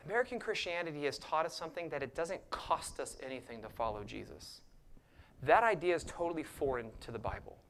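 A male pastor preaching a sermon, passionate and emphatic, swinging between loud bursts and hushed asides, with sarcastic jabs. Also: fairly high pitch. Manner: sarcastic mock voices for points.

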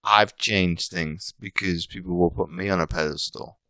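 Very deep-voiced British man, rambling. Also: fairly even intonation, moderate pace, bright, forceful tone, no echo. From Britain. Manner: rambling, frequent restarts and self-corrections. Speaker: podcast guest, coach. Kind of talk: casual interview chat.

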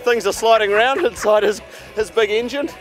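A man giving deadpan, mock-serious commentary full of absurd descriptions, outdoors at a racecourse. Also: sits high, fairly quick, faint music behind, a faint crowd. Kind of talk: mock-solemn joking commentary.

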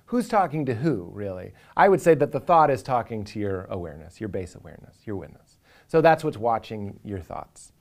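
A man's voice: on the low side, sing-song, a little fast. A man, a comedian talking earnestly and with animation in a reflective interview, now and then acting out inner voices for a laugh.

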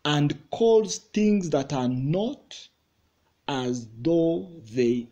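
Slow-preaching man, pastor at a revival. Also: fairly high pitch, dull audio. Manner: repetitive, rising to excited emphasis; laughs between lines. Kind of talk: sermon. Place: church hall.

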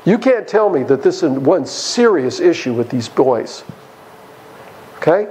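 A man's voice: a little high, measured pace, slight background noise, low-quality recording. A man teaching a church Bible study, asking the listeners questions and acting out the characters' lines. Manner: animated, acts out voices of the characters, asks the audience questions. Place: church hall.

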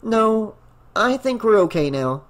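A nervous, well-mannered young woman speaks in a soft, earnest voice, as a male audiobook narrator raises his pitch to play her. She is grateful but shaken, and her thanks come out gentle and sincere. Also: very animated, takes it slowly, exaggerated voice. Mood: polite.

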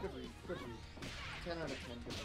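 A man giving casual commentary on a fighting-game match, breaking down moves like a coach and quick to yell at big plays. His voice sits at an ordinary middle pitch. Game music plays clearly behind him. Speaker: esports commentator.

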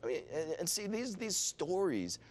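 A middle-aged man, a pastor, telling a lively healing testimony as an interview guest, with frequent restarts and acted-out quotes. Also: on the high side, moderate pace. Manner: excitable, restarts often, acts out quoted voices. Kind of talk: animated storytelling testimony.

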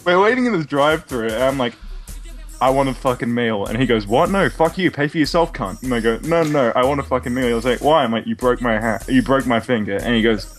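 A man's voice: medium pitch, fast talker, soft background music. A young Australian man co-hosting a podcast, telling a story in a sweary, laughing way. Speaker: podcast co-host. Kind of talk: casual storytelling chat.

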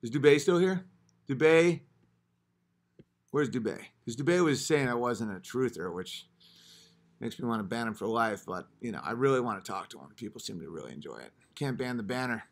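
A man streams live while ranting at his chat, combative and foul-mouthed, repeating short phrases and shifting from mutters to yells. He has a fairly low, animated voice with vocal fry and a fairly quick pace.

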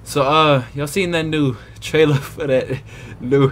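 A young man commentating his game playthrough, excitable and yelling at the game. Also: medium pitch, measured pace, noisy background. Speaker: gamer. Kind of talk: let's play commentary. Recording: game music behind.

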